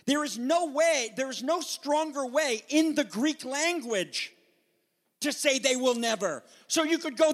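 A man preaching a sermon with passion, moving between loud emphatic peaks and hushed, intimate asides. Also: extremely high pitch, lively intonation, measured pace, in a large hall. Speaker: pastor.

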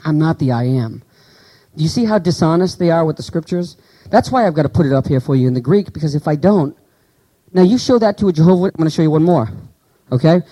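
A man preaching a sermon, teaching with lively rhetorical questions to his congregation and reading scripture slowly and deliberately. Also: fairly high pitch, low-quality recording. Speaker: pastor.

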